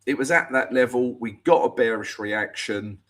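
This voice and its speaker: A man's voice: mid-range voice, normal speed, a bit bright. A man hosting a live trading show, chatting casually through chart analysis and talking to viewers.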